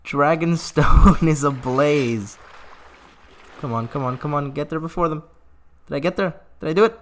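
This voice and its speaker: A man's voice: a little high, fast, slight background noise. A man giving casual gameplay commentary, laughing often and reading game text aloud with asides. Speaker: gaming YouTuber.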